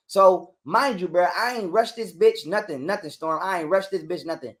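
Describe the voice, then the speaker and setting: A man's voice: sits high, a bit bright. A man, a guest on a call, telling a heated personal story in street slang and swearing a lot. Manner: heated, profane, talks fast in street slang.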